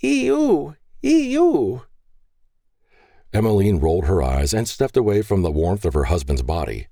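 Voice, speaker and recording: Deep-voiced male audiobook narrator. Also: warm tone, dry recording, clean studio sound. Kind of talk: scripted narration.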